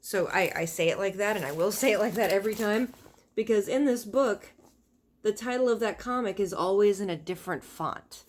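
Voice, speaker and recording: A woman's voice: mid-range voice, moderate pace, slight background noise. A woman reading a children's novel aloud, stopping for chatty asides that explain the pictures and fonts. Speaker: reader of a children's book.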